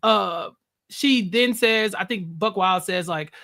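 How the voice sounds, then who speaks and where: A man hosting a casual recap show, telling the story in an animated way and acting out what people said. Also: high voice, slow pace. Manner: animated storytelling, acts out quotes. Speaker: podcast host.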